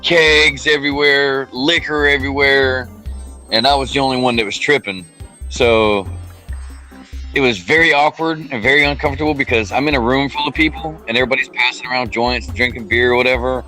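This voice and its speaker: A man co-hosting a podcast, telling stories in a casual, animated way, swearing freely and acting out quoted voices. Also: mid-range voice, a little fast, soft background music, low-quality recording. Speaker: podcast co-host. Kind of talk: casual storytelling chat.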